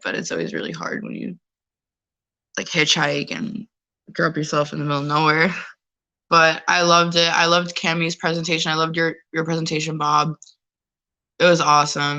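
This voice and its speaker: A woman from New York City chatting casually as a caller, rambling and animated. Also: deep voice. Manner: rambling, animated, acts out other people's voices. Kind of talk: casual chat.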